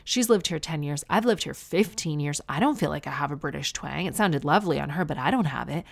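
A Canadian woman in her thirties chatting on her own in a relaxed monologue. Her voice sits fairly low with a gravelly, fried edge. Her humor is dry and self-mocking. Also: fairly quick. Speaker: podcast host and new mother. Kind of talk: casual monologue.

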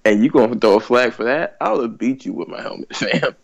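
A man's voice: medium pitch, lively intonation, a little fast, vocal fry. A man co-hosting a casual sports podcast, laid-back and swearing casually. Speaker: podcast co-host. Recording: dull lo-fi sound.

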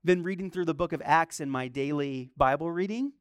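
A man's voice: fairly high pitch, fairly quick, clean tone, no echo. A man preaching a sermon as a pastor, telling stories, asking rhetorical questions and acting out the voices he quotes.

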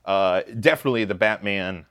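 A man's voice: low-pitched, brisk, a bit bright, smooth. A man co-hosting a podcast in casual chat, playful and jokey. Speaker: podcast co-host.

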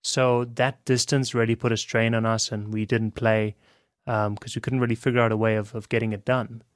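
Calm, relaxed South African man. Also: lowish voice, fairly quick, no room sound, clean studio sound. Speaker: band frontman. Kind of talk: casual podcast chat.

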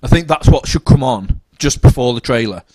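A young man chatting casually about films as a podcast co-host, animated and sweary, with trailing restarts. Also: medium pitch, brisk, no echo. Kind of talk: casual film chat.

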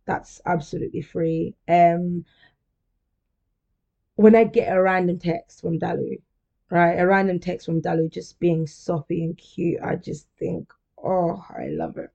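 Woman, young adult, casual solo podcast, gravelly voice, dull lo-fi recording. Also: lowish voice, fairly even intonation, unhurried, mellow. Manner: chatty and candid, laughs often, turns emotional. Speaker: podcast host.

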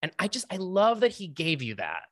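A woman's voice: on the low side, huge pitch swings, moderate pace, dry recording, clean studio sound. A woman hosting an interview, speaking earnestly and with effusive praise for her guest. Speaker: podcast host.

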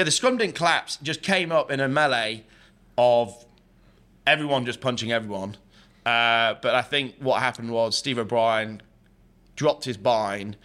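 A man's voice: mid-range voice, bright, forceful tone. A man, a former rugby prop, casually telling a story as a podcast guest, laughing and rambling as he goes.

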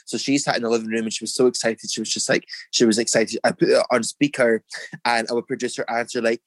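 A man's voice: medium pitch, flat delivery, fast, no room sound. A young man with a Scottish accent, a drag performer, chatting in an interview and acting out other people's lines in a raised voice. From Scotland. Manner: chatty, filler-heavy, acts out quotes in a raised voice. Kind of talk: casual storytelling interview.

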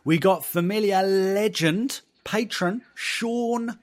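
A man co-hosts a casual podcast and speaks slowly, with a slightly raised pitch. He jokes warmly with the listeners. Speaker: podcast co-host.

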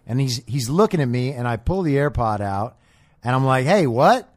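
A man's voice: mid-range voice, lively intonation, normal speed, dry recording, studio quality. A man hosting a political commentary show, talking in a blunt, sarcastic and profane way. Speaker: host.

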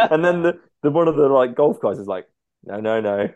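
A man co-hosting a casual podcast, relaxed and chatty, with lots of "um"s. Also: a little high, brisk, dry recording, highs cut off. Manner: relaxed, chatty, hesitant fillers. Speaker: podcast co-host. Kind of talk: casual chat.

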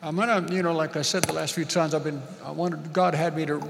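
A man's voice: fairly high pitch, steady tone, a little fast, gravelly, long reverb tail, noisy background. A man preaching and praying at a church service, fervent, repeating phrases and leading the congregation to say lines back. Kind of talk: prayer and sermon.

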